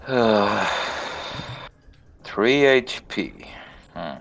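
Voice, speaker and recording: A man's voice: fairly low pitch, animated, extremely slow, gravelly, fairly bright tone, slight background noise. A man playing a tabletop game, sighing and unsure, cracking dry jokes. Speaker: player. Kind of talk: casual chat during a game.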